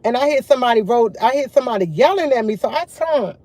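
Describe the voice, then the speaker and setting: A young woman vlogging to her viewers, retelling a run-in in an animated, emphatic way with slang and swearing. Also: a little high, fast, dry recording. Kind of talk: casual storytelling chat.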